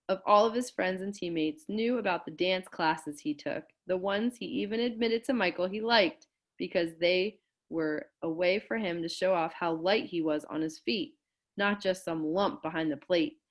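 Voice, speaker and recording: A woman teacher reads a chapter aloud to her students, her voice sitting a little low. She acts out the dialogue with lively jumps in pitch and loudness, then drops into plain asides that explain words to the class.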